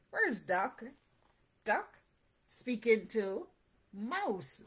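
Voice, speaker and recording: A woman guides parents and babies through a picture book, her voice bright and lively. She talks slowly and encouragingly, like a teacher at storytime. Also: a little high. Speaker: early childhood educator. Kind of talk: children's read-aloud with parent tips.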